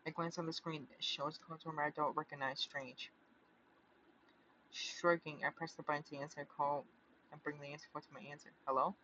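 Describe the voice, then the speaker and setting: A man's voice: fairly high pitch, flat delivery, fairly quick, bright, forceful tone, lo-fi sound, a little hiss or hum. A man reading a visual novel aloud, often stumbling and restarting, with chatty asides.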